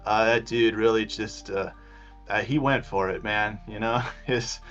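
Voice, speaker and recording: A man's voice: lowish voice, fairly even intonation, measured pace, a bit bright, highs cut off, soft background music. A man voicing a small, awkward, friendly ranger in a tabletop game, talking in a laid-back, chatty way. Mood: sheepish, chatty.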